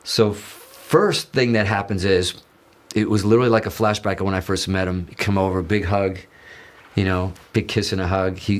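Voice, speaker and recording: Male interview guest, low-pitched, casual storyteller; swears a lot, restarts sentences, voices quoted dialogue. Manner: animated, profane, restarts often, acts out quoted dialogue.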